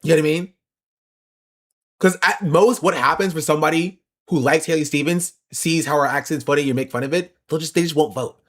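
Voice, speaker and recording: A man's voice: fairly high pitch, fairly quick, fairly bright tone. A man streamer giving opinionated, explanatory political commentary.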